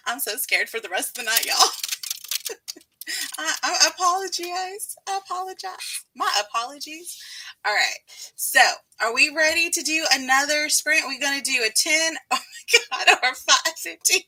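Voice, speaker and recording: A woman's voice: sits high, moderate pace, pushed and bright. A woman in her thirties from Texas with a Texan accent, chatting casually and laughing often as she hosts a live writing stream. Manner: giggly, chatty, frequent laughter. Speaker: livestream host.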